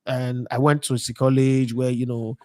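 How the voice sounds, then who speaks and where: A man's voice: medium pitch, flat delivery, moderate pace, a little mellow, no room sound, clean studio sound. A Nigerian man in his thirties hosting a sports channel, telling rambling stories in a casual monologue and slipping into pidgin. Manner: digressive storyteller slipping into pidgin.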